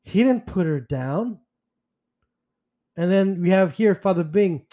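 A man hosting a solo podcast, speaking in an earnest, indignant, unhurried way. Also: high voice, animated, warm tone. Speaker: podcast host.

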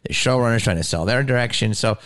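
An actor and comedian, a man, tells a story in casual conversation, speaking quickly at a medium pitch. He's animated and profane, acting out the people he quotes.

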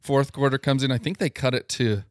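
Podcast cohost guy running through a game recap, bit of um-ing, mid pitch, dry sound. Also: no echo. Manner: recaps games in quick bursts with ums. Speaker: podcast co-host. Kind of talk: casual sports chat.

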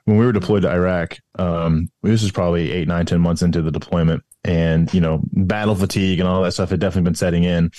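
A man and military veteran, telling stories in a casual chat, full of pauses and restarts. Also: low-pitched, fairly even intonation, mellow, no room sound. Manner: hesitant, lots of ums and restarts. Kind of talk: casual podcast storytelling.

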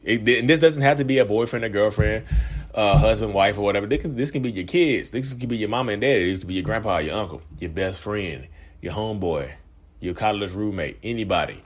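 A man's voice: lowish voice, a little fast. A man hosting his own vlog, talking casually to camera in a rambling way, restarting sentences and addressing viewers directly. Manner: rambling, conversational, frequent restarts and asides to viewers. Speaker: vlog host.

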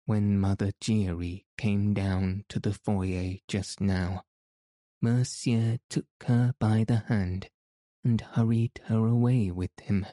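A man's voice: lowish voice, warm tone, no room sound, clean studio sound. A man voicing a furious, suspicious male opera secretary in an audiobook, speaking in an accusing, insistent way.

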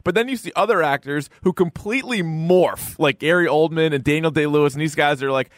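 A man's voice: a little high, fairly quick, dry recording, studio quality. A man co-hosting a podcast in casual chat, blunt and opinionated and cursing freely. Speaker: podcast co-host.

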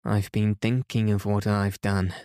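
A man reading the part of a remorseful elderly father who talks softly and slowly, pleading as he speaks. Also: lowish voice, flat delivery, no room sound, clean studio sound, close to an everyday voice.

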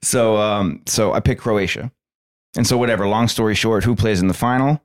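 A man's voice: lowish voice, normal speed, no room sound, clean studio sound. A man hosting a sports podcast, telling a story in a laid-back way with lots of fillers. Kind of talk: casual chat.

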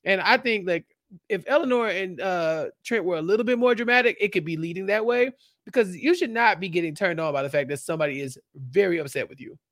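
High-voiced young man giving slangy takes. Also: fast talker, no echo, clean studio sound. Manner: animated, slangy opinions. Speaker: podcast co-host. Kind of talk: casual TV recap chat.

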